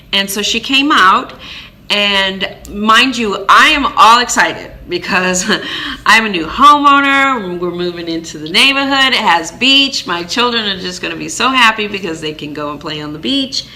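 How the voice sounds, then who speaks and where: Chatty woman telling a story, bright voice. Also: medium pitch, a little slow. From Maine. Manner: animated, chatty, with fillers and restarts. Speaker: vlogger, single parent. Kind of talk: personal storytelling.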